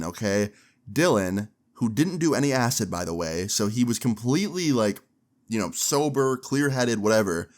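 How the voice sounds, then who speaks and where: A man in his twenties recounts a story in a casual storytime vlog. He is animated and slangy and swears freely, and his voice sits in a mid range. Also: medium pitch.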